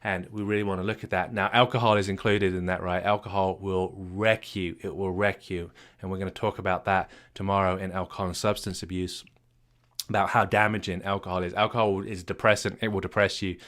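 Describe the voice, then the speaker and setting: A man's voice: little pitch movement, fairly quick, a bit bright. A man working as a marriage coach, giving an emphatic retreat workshop talk that repeats key phrases and asks rhetorical questions. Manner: acts out low and upbeat voices to make points.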